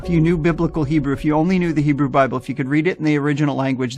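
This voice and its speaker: A man from the United States tells his personal testimony in an earnest, animated voice that sits fairly high for a man. He speaks with conviction and now and then slips into the voices of the people he quotes. Faint music plays behind him. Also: very fast, hardly any pauses.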